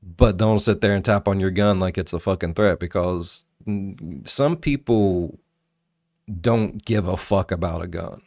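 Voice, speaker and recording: A man hosting a reaction video, telling rambling, profane stories in a casual, animated way. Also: low voice, a little slow, no room sound, clean studio sound. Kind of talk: casual storytelling commentary.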